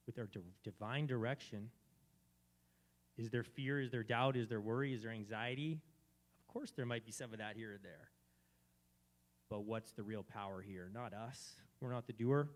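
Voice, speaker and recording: A man hosting a live community gathering, speaking fervently about faith and swinging between soft and loud phrases. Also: on the low side. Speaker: event host. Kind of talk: spiritual talk at a live gathering.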